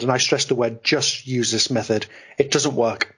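A man, a guest on a podcast interview, explaining ideas in an animated, talkative way. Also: mid-range voice, normal speed, breathy edge. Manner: animated, explanatory, self-deprecating about ranting. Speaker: guest, investment expert.

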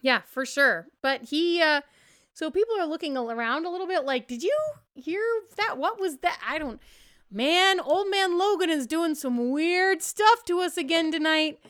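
A woman's voice: high voice, normal speed, a bit bright. A woman hosting a tabletop role-play podcast as game master, chatty and laughing often as she narrates the scene.

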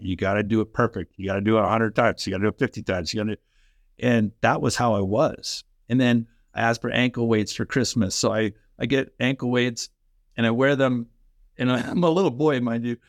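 A middle-aged man from Canada, a former pro hockey player, telling energetic, fast-flowing stories in a podcast interview. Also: lowish voice, no echo, studio quality. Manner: energetic, fast-flowing anecdotes with quoted dialogue. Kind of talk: animated storytelling in a podcast interview.

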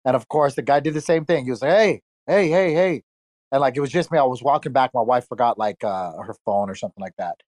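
A man's voice: mid-range voice, fast, few pauses, darkish tone, no echo. Laughing American man, dry sound. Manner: laughing, anecdotal. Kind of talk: casual chat.

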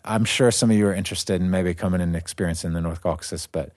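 A man's voice: low-pitched, steady tone, fast talker, darkish tone. A man hosting a podcast in a casual, upbeat and easygoing way. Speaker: podcast host.

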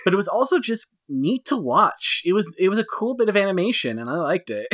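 A man riffs about old cartoons on a podcast, his talk full of fillers and frequent laughter. His voice is bright and swings widely in pitch. It sounds close and dry. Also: sing-song, brisk, no echo. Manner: laughs often, rambling with many fillers. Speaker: podcast co-host. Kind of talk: casual chat reviewing cartoons.

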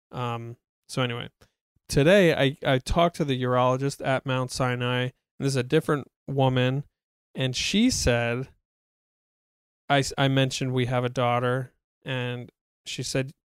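A man's voice: mid-range voice, steady tone, moderate pace, clear, resonant tone, no room sound. Guy telling a long story kinda wry and rambly, clean voice, dead dry room. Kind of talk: casual chat.

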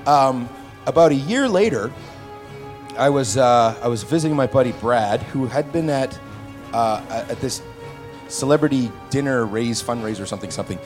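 A man on a convention panel telling long stories, lively and acting out the voices of the people he quotes. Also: medium pitch, normal speed, faint music behind. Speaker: panel guest actor.

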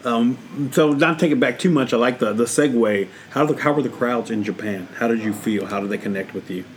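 A man co-hosting a podcast, asking questions and backing up the guest with quick affirmations. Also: mid-range voice. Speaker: podcast co-host. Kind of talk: casual chat.

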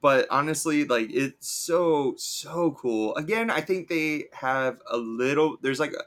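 Guy cohosting a podcast, bright forceful voice, super chatty and excited, bit of a cold. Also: fairly high pitch, unhurried. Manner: chatty, enthusiastic, filler-heavy. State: coming down with a cold. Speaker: podcast co-host. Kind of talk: casual chat.

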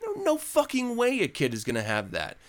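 A man's voice: extremely high pitch, wildly swooping pitch, brisk. A man hosting a podcast in casual chat, ranting profanely and laughing often. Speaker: podcast host.

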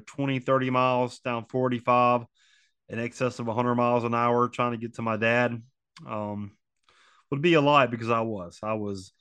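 Sounding pushed and bright in a mid-range voice without echo, a man in his forties earnestly works through his grief. He talks about loss emotionally, circling back to the same phrases and using lots of fillers.

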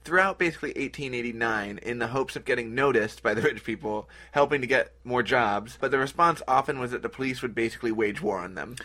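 A man's voice: mid-range voice, fast, few pauses. An American man co-hosting a podcast, telling history in casual comedic chat and laughing often. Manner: laughs often, animated storytelling with joking put-on accents. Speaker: podcast co-host.

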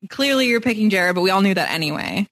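A woman's voice: mid-range voice, animated, fast talker, a bit bright, dry recording. A woman co-hosting a podcast, recapping a reality show in a casual, chatty way full of fillers and restarts. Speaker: podcast co-host.

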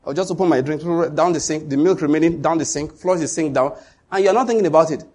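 A middle-aged man, preaching a sermon in an animated storytelling way. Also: on the high side, quick pace, breathy edge. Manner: storytelling, animated, with sudden loud acted outbursts. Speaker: pastor.

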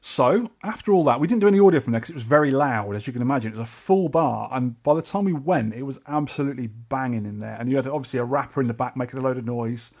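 A man with a London accent, co-hosting a podcast and telling a trip story in casual chat, animated and acting out the people he met. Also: medium pitch, fast talker, few pauses. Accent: English, London. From England. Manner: animated, acts out quoted voices. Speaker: podcast co-host.

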